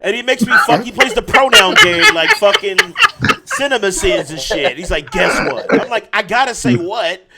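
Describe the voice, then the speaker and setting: A man's voice: sits high, moderate pace, gravelly, over a noisy crowd. A man co-hosting a podcast, telling stories in a casual chat with lots of laughing and cursing. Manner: animated storytelling, laughing, cursing. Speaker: podcast co-host.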